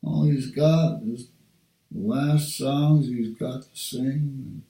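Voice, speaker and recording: A man's voice: medium pitch, takes it slowly, creaky, dark tone. An older man from Canada, talking in a rambling, profane monologue for a personal video. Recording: roomy sound, distant from the mic.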